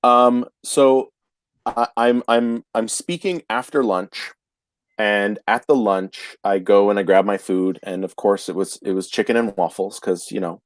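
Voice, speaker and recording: A man, telling a casual anecdote in a chatty, animated way with frequent restarts. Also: fairly low pitch, measured pace, no echo. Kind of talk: casual storytelling chat.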